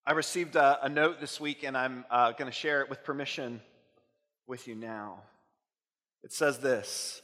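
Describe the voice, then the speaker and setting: Earnest guy pastor preaching, bright sharp voice, lots of reverb from the church hall. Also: mid-range voice. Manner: earnest, slows down and stresses key words. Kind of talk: sermon. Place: church sanctuary.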